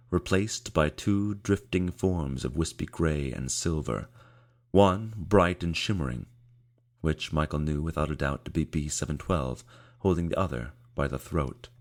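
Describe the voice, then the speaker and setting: A male audiobook narrator with a very low, deep voice. He reads in a measured, steady way, drawing out key phrases as the story goes along. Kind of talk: scripted narration.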